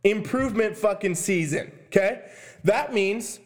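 A man's voice: high voice, a little slow. A man ranting about fitness to his viewers, swearing often and stressing his points hard. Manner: swearing, emphatic, addresses "ladies and gentlemen". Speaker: fitness coach. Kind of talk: profane fitness rant to camera.

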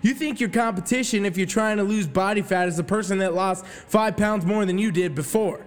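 Profane high-voiced male motivational ranter. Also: a little fast. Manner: profane, intense and emphatic. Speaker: fitness motivational speaker. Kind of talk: motivational rant. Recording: long reverb with faint music behind.

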